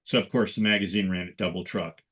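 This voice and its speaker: A man's voice: deep voice, quick pace, slightly rough. An older man, a guest photographer, telling stories in conversation and acting out the voices of the people he quotes. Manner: animated storyteller who acts out quoted voices. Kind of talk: conversational storytelling.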